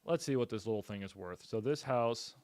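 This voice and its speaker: A man's voice: on the low side, fairly quick, a little mellow, clear, resonant tone, no echo. A man casually commenting on a live stream as he makes cold calls, talking bluntly and upbeat in a salesy way and swearing now and then. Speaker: real estate investor and streamer.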